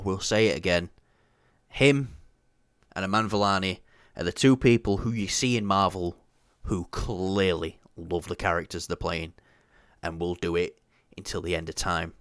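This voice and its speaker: A low-pitched man trades crude jokes on a movie news podcast, swearing freely. His voice sounds dry and close to the mic, with no room around it. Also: normal speed, fairly bright tone, dry recording. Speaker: podcast co-host. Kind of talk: casual movie news chat.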